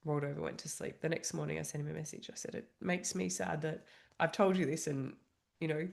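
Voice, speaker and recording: A woman's voice: sits low, steady tone, fairly quick, creaky, darkish tone. A woman in her thirties, a trauma coach, talking candidly and reflectively to camera, openly vulnerable, with frequent "you know" and "like". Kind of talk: candid solo monologue.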